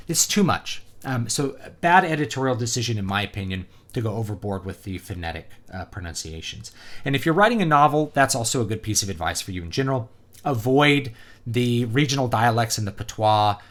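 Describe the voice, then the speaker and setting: A man's voice: lowish voice, fairly bright tone. A man giving a casual, opinionated product review, talking conversationally with plenty of fillers. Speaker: book reviewer and author.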